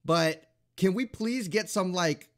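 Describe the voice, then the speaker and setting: A man's voice: high voice, slow pace. A man co-hosting a podcast in casual chat, rambling with lots of filler words. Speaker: podcast co-host.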